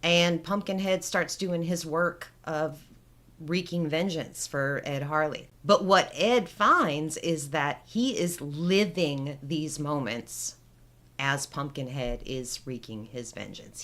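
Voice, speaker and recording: A woman co-hosting a podcast, casually retelling a film plot as an animated storyteller. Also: low-pitched, slow pace. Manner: animated storyteller, laughs often. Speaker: podcast co-host.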